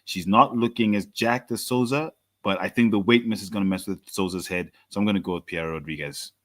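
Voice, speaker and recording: A man on an MMA podcast panel, calmly explaining his fight pick. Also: lowish voice, fairly quick, no echo, studio quality. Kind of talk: casual MMA prediction chat.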